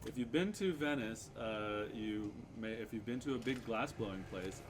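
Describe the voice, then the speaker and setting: A man running a tabletop game as game master, describing scenes with many pauses and fillers. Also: lowish voice. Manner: hesitant, many fillers, chuckling. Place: backyard or living room, home table. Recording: noisy home table recording.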